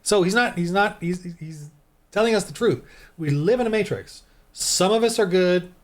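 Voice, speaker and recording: Heated, rambling American man, higher voice. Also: moderate pace. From United States. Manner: rambling, heated, preachy, many restarts. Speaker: Christian YouTube commentator. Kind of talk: reaction commentary monologue.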